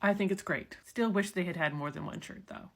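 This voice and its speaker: A woman's voice: fairly low pitch, a little fast. A woman author giving a wry, chatty commentary straight to camera.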